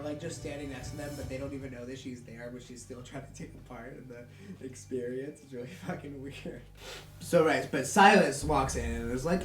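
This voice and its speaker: A man's voice: medium pitch, moderate pace, fairly bright tone, a little hiss or hum. A man recapping a TV episode in a rambling, filler-heavy, sweary way, acting out bits of dialogue. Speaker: video host recapping an episode. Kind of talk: casual recap vlog. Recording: roomy echo from a distant mic, faint music.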